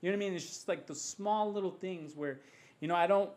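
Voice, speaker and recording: A man with a slightly high voice, talking as a podcast guest. He shares a faith testimony in an earnest, heartfelt way and speaks like a father of young children. He sometimes slips into voicing his own prayers. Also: fast talker, darkish tone.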